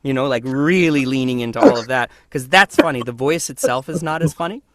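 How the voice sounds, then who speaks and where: A man who is a voice actor guest, talking through his work in a thoughtful, animated way. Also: mid-range voice, a little fast, a little hiss or hum. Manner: thoughtful, animated, acts out voices mid-sentence. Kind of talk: casual interview conversation.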